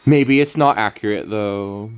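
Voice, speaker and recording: A man's voice: lowish voice, a little slow, dull audio, music in the background. A man streaming a card game, rambling through casual commentary, playful and laughing often.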